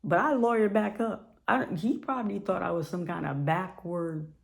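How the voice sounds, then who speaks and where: A woman's voice: on the low side, normal speed, creaky. A woman filmmaker from Ohio speaking bluntly and emphatically to her viewers, repeating words for stress. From Ohio, USA. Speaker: independent filmmaker. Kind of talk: casual direct-to-camera talk.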